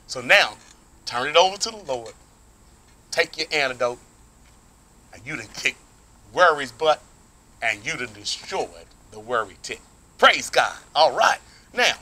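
Man, pastor, outdoor sermon, lively sing-song pitch, somewhat high voice, folksy call-and-response manner. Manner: animated, folksy preaching with call-and-response asides. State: sweating in the heat.

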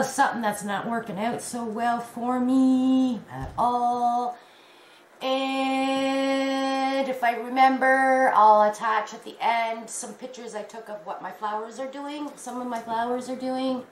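A chatty woman vlogger tells stories to her viewers in a lively, self-mocking way. Her voice sits a little high, and the room around her is echoey with a faint hum behind. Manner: animated storytelling, laughs at herself. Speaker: crochet vlogger. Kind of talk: casual chatty vlog.

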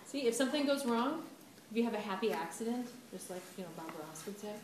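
A woman's voice: a little high, expressive, quick pace. Chatty woman teaching clay in a roomy class. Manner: chatty, self-deprecating, laughs often. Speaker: art teacher. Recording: roomy, distant camera mic with background noise.

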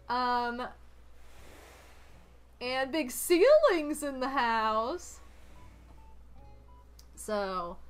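Music plays behind a woman streamer who chats casually while she plays, rambling with lots of "like" and gushing thanks to donors. Her voice is medium-pitched with a sharp tone, and there's slight background noise.

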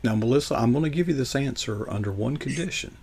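Man host, gravelly fry in the voice, rambling casual storyteller. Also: mid-range voice, expressive, fast talker, a little mellow. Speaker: show host. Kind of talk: casual interview chat.

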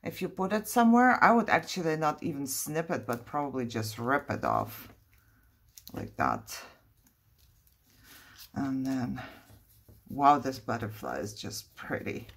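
Slow, breathy woman chatting while crafting. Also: very deep voice, very animated. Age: middle-aged. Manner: chatty, thinks aloud, playfully dramatic. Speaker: crafting vlogger. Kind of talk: casual crafting chat.

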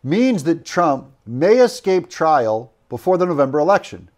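A man's voice: fairly high pitch, big pitch swings, measured pace. A man giving opinionated political commentary, rambling with fillers and self-corrections. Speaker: political commentator in a played clip.

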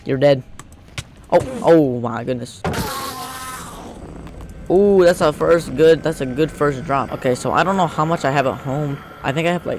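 A young man commentating his game as he plays, excitable and joking, taunting the creatures he fights. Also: on the high side, moderate pace, long pauses, faint music behind. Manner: excitable, joking, talks to mobs. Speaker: gamer. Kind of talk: let's play commentary.

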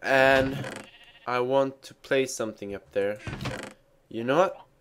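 A man's voice: medium pitch, takes it slowly, fairly bright tone, slight background noise. A man giving casual let's play commentary while he plays, rambling and mocking himself with stumbling restarts. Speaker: gamer.

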